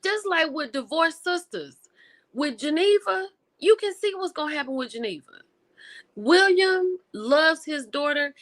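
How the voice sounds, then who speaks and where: A woman hosting a livestream, chatting casually with her viewers and reacting with lively exclamations. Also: high voice. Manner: animated and expressive, with exclamations; talks to viewers directly, reading and answering chat. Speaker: livestream host reviewing TV and film.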